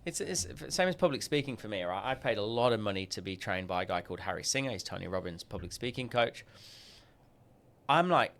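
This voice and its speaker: An Australian man as a podcast guest, telling stories and acting out quoted dialogue with lively jumps in pitch. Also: a little fast, vocal fry. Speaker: guest, sales coach. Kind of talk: podcast interview storytelling.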